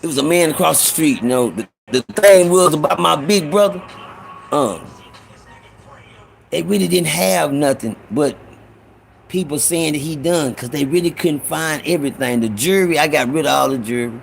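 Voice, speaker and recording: A man's voice: on the high side, normal speed, creaky, slight background noise. A man telling a rambling, profane story from his own life in a casual way, with many restarts. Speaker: storyteller host.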